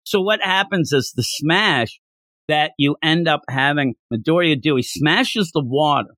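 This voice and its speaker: A man's voice: a little high, a little slow, no echo, clean studio sound. A man hosting a casual podcast, retelling a story with lots of animation. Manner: animated storytelling, acting out quotes. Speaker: podcast host. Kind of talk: casual manga discussion.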